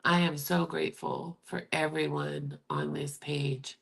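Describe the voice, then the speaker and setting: A woman with a low, husky voice hosts a candid livestream, speaking straight to her viewers. Her delivery is emotional and confiding, with a gravelly edge. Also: fairly even intonation, measured pace, fairly bright tone. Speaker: livestream host. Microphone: streaming setup.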